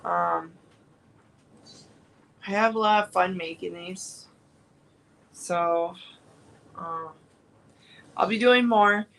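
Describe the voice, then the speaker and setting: A woman's voice: fairly low pitch, very slow, vocal fry, long pauses, fairly bright tone, low-quality recording. A woman chatting casually on a home crafting livestream, rambling with fillers and restarts. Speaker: crafting vlogger.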